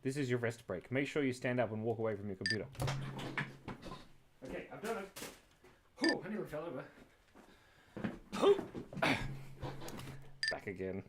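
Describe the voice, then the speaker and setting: A man's voice: mid-range voice, sing-song, moderate pace, pauses often, heavy background noise. A man hosting a live drawing stream, chatting casually in a playful, rambling way and often breaking off mid-word. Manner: rambling, playful, jumps between random thoughts. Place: indoors at his computer.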